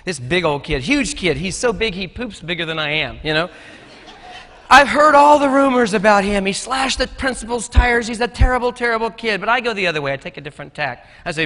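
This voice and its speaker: A man's voice: high-pitched, fairly quick, a bit bright. A middle-aged man giving a conference talk, telling folksy, joking stories about teaching and growing up. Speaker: conference speaker. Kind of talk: storytelling keynote talk. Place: conference stage. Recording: echoey hall.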